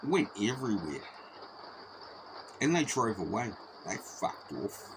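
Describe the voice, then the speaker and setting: A man's voice: mid-range voice, big pitch swings, slow. A man telling a story in a rambling, profane, repetitive way. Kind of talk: casual spoken anecdote. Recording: noisy background.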